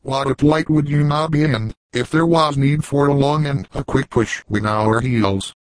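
A man's voice: mid-range voice, unhurried, no echo, close to an everyday voice, poor audio. A man reading the part of a weathered old backwoods trapper, plainspoken and chiding, in a dry audiobook recording. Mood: stern.

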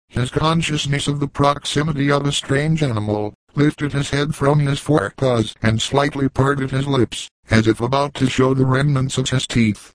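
A man reads a classic novel aloud in an even, formal storytelling manner. His voice sits in a middle range, and the recording is close and dry, with no room sound. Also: medium pitch, no echo, rough recording. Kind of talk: audiobook narration of a classic novel.

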